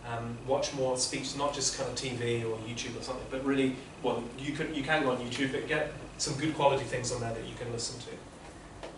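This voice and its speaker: A man's voice: medium pitch, steady tone, a little fast, background noise. A man teaching interpreting, giving patient, explanatory feedback to students in a classroom. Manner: patient, explanatory, many restarts. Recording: echoey classroom from far off.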